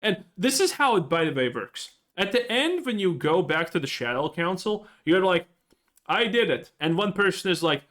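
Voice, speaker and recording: High, animated man ranting sarcastically. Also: normal speed, few pauses. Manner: exasperated, profane, sarcastic. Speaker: gaming video creator. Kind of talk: sarcastic game review rant.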